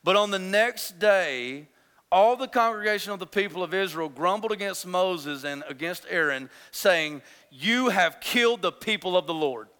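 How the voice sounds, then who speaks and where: A man with a high, bright voice preaches a sermon, chatting with the crowd and acting out the people in his story. His voice rings with a smooth, clear tone, and a long reverb trails behind him in a big hall. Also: expressive, normal speed. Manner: conversational, jokey preaching, acts out quoted voices; builds to loud emphatic passages. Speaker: pastor.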